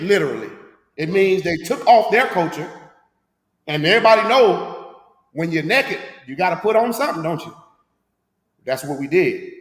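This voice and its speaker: A man's voice: sits high, a bit bright, echoey room, in a large hall. A man leading a scripture class, preaching emphatically with rhetorical questions in a street-talk manner.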